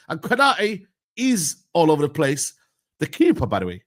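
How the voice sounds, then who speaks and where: A young man rants in a heated football debate, his voice lively and climbing high. He talks in quick bursts of slang and sounds worked up. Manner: animated, ranting, slangy. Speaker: football pundit and United fan.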